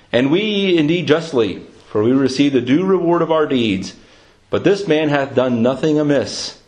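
A man preaching a sermon, earnest and emphatic, slowing down to stress key lines and reading scripture aloud. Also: fairly high pitch, darkish tone, low-quality recording. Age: adult with a young son.

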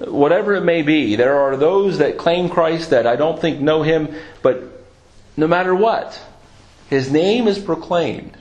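A man's voice: on the high side, poor audio. A man preaching a sermon, emphatic and full of rhetorical questions.

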